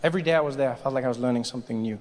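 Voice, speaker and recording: A man doing stand-up comedy, telling stories in an animated way and building up to shouting. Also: mid-range voice, racing, long reverb tail, noisy background.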